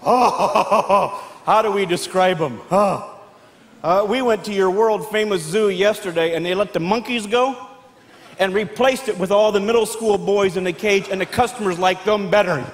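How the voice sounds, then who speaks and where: A man performing stand-up comedy on stage, telling animated stories and acting out family members in loud, barked voices. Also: high voice, normal speed. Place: large hall with live audience. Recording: echoey hall with faint background noise.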